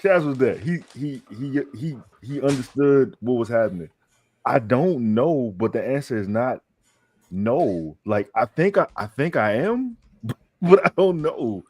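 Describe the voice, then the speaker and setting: A man co-hosting a sports podcast who talks in an animated, casual way, restarting his sentences, repeating words, swearing freely and calling people "bro". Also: mid-range voice, measured pace, breathy edge. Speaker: podcast co-host.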